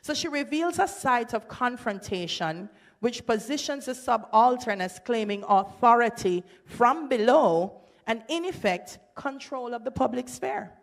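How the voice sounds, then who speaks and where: A woman with a Jamaican accent giving an academic presentation at a symposium, breaking into lively patois quotes. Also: on the high side, a little slow. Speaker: symposium speaker. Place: lecture hall.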